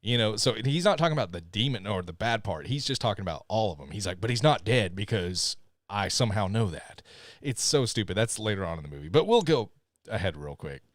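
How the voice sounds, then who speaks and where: Male podcast co-host, lively and expressive, retells movie scenes in voices, dry close sound. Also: fairly low pitch, fairly quick, no echo. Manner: animated, acts out scenes in put-on voices. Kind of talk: casual movie review chat.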